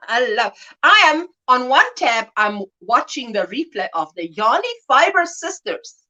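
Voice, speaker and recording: A woman's voice: sits high, sing-song, measured pace, pushed and bright, poor audio. A middle-aged woman hosting a casual livestream, chatting in a rambling way, laughing often, greeting viewers and acting out little scenes. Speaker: livestream host.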